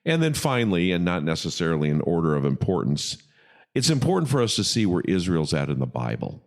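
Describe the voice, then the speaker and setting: Man, pastor, podcast host, very low voice, animated storytelling. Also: brisk. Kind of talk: casual podcast chat.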